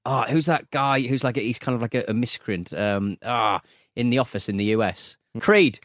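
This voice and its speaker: A man with a northern English accent co-hosting a podcast, making dry, wry remarks and pausing to search for words. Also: medium pitch, a bit bright, dry recording. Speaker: podcast co-host. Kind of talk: casual chat.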